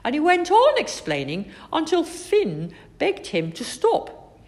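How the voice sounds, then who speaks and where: A woman reading a children's story aloud in an expressive, sing-song way. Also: high voice, slow.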